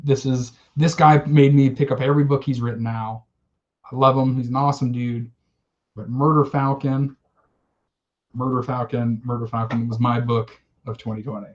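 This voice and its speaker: Male podcast co-host, casual and emotional, mid pitch, slightly muffled recording. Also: little pitch movement, normal speed. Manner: enthusiastic, emotional storytelling with swearing. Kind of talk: casual chat.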